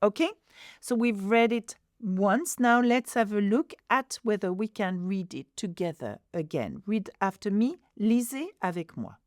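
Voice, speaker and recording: Woman, teacher, slow and animated delivery, dry close recording. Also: medium pitch, no room sound. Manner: slow, clear modelling of French words, then explaining in English. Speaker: French teacher. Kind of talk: pronunciation lesson.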